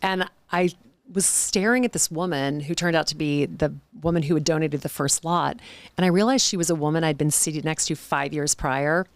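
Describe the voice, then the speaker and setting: A woman in her forties, a charity auctioneer, telling lively, self-deprecating stories in a podcast interview. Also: low-pitched, moderate pace, no room sound.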